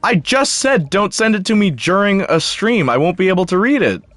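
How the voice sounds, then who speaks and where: A man's voice: high-pitched, very animated, moderate pace, fairly bright tone, no echo. A young man hosting a live game stream, chatting casually and answering viewer comments. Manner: chatty, jumpy, talks back to chat.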